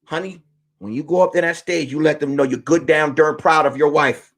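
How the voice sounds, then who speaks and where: A man's voice: a little high, steady tone, fairly quick, voice pushed down. A man voicing a bossy, doting wife who scolds and urges her husband on, cursing and repeating his pet name. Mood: coaxing.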